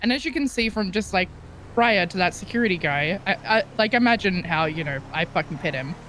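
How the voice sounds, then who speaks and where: A woman telling a game story in casual chat, excitable and laughing, swearing freely. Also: on the low side, brisk, a little hiss or hum. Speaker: streamer's role-play partner.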